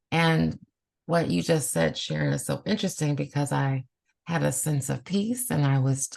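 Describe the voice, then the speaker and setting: Low gravelly woman hosting a podcast, calm and reflective, supportive. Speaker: podcast host. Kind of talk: casual conversational podcast.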